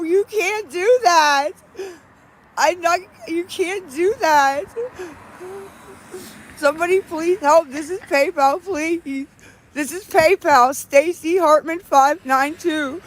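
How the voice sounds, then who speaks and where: A woman's voice: very high-pitched, slow. A young woman from western Pennsylvania, crying and cold, pleading for help on a live stream with heavy sighs. She is outdoors in the cold. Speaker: livestreamer.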